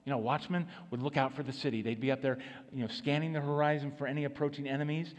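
A man's voice: medium pitch, flat delivery, fast talker, big-room sound. A man preaching a sermon as pastor, speaking emphatically with frequent swells and drops in force.

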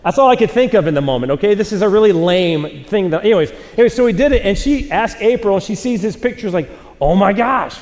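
A man in his forties preaches a sermon in a church auditorium with a live audience, and his voice sits high. He tells a self-mocking story in a loose, casual way and acts out the quotes. The sound carries a long reverb from the big hall. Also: animated, fast talker, hardly any pauses, darkish tone. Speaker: pastor.

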